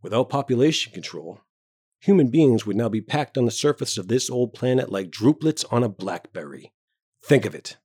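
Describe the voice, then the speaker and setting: A man reading a story aloud, voicing a towering, self-important male doctor with a booming, hearty manner. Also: lively intonation, moderate pace, a little mellow, slightly rough, no echo, clean studio sound. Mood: lecturing. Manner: hearty, booming, bluff joviality.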